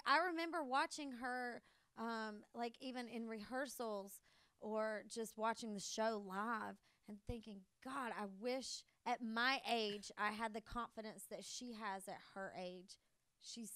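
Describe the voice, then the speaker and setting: Bubbly Southern woman, smooth voice. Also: fairly high pitch, steady tone, fairly bright tone, dry recording, studio quality. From American South. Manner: bubbly, gushing, quick laughs. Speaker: guest. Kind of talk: casual interview chat.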